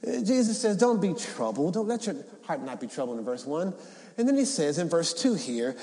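A male pastor delivering a sermon, reading scripture aloud and rising into shouted emphasis. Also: high-pitched, very animated, unhurried, reverberant, big-room sound. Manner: preaching, rises to shouts, reads scripture. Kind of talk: Easter sermon. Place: church sanctuary.

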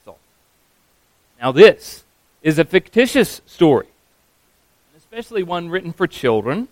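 A man preaching a sermon as a pastor, earnest and emphatic, slowing down on key phrases. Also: a little high, very animated, no echo, low-quality recording.

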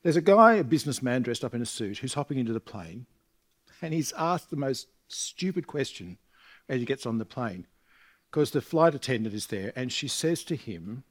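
A man's voice: medium pitch, lively intonation, a little fast. A middle-aged man from Australia preaching a sermon in a chatty way, asking his congregation rhetorical questions. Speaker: visiting preacher. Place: church congregation.

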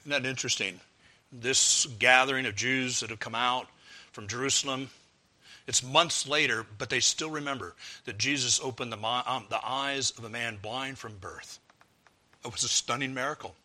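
A man preaching a sermon earnestly, rising to fervent appeals and dropping low for quoted prayers. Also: normal speed, bright, forceful tone.

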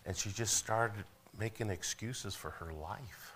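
Low, bright-toned preacher man. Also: unhurried, few pauses, husky. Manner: repeats words and calls for amens, voice rising to near shouts. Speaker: pastor. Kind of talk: sermon.

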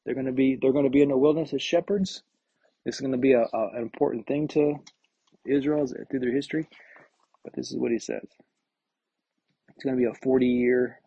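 A man's voice: medium pitch, mellow, husky, no room sound. A man teaching a Bible study verse by verse, reading scripture aloud and then commenting, often repeating words as he gathers his thoughts. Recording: dull, lo-fi recording.

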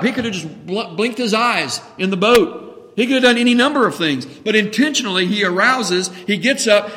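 A man's voice: sits high, sharp tone, long reverb tail. A man preaching a sermon, earnest and building to emphatic commands.

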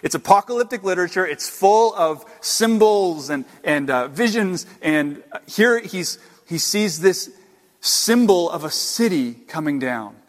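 A male pastor preaching an earnest sermon, swinging between loud exclamations and hushed, slowed emphasis. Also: fairly high pitch, expressive. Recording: long hall reverb.

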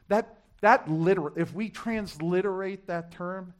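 A man preaching a sermon, dropping to hushed asides and swelling to loud, emphatic climaxes, repeating key phrases and stumbling over words as he builds. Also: high voice, lively intonation, a little slow. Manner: stammers and restarts when building to a point.

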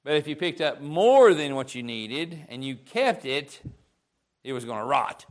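A man's voice: a little high, very animated, measured pace. A man delivering a homespun sermon, talking to his listeners as if across a kitchen table. He circles back, stumbling over repeated words as he gathers a thought, in a mid-range voice with an ordinary pace. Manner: folksy, conversational, repeats words when restarting. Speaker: preacher. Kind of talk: informal sermon.

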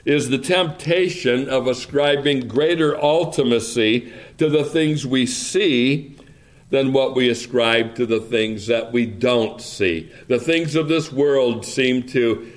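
A man preaching a sermon, reading scripture aloud and then explaining it in a slow, measured, deliberate way. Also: mid-range voice.

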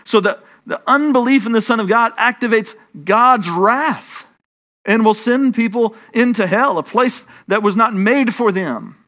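Texan man, pastor, high pitched, emphatic preaching, restarts mid-phrase. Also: measured pace, a bit bright. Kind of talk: sermon.

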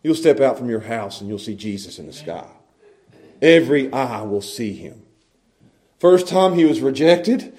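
A man preaching a sermon as pastor, animated, swinging from hushed lines to loud ones and chuckling between points. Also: mid-range voice, measured pace.

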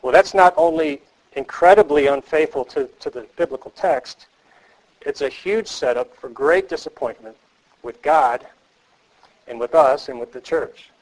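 A man's voice: a little high, a little slow, rough recording. A man giving a teaching lecture to counselors, earnest and emphatic, repeating key phrases and asking the class questions. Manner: asks the class rhetorical questions.

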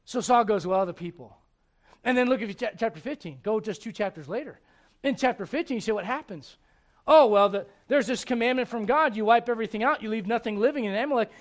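A man's voice: very high voice, fast talker. A male pastor preaching a sermon with emphatic storytelling and direct questions to the congregation.

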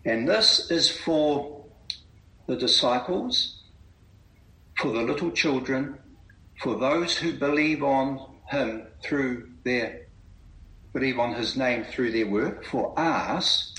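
A man's voice: mid-range voice, slow pace, sharp tone, echoey room, rough recording. A man giving an earnest Bible talk, emphatic and reflective. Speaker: preacher. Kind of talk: Bible reading meeting talk.

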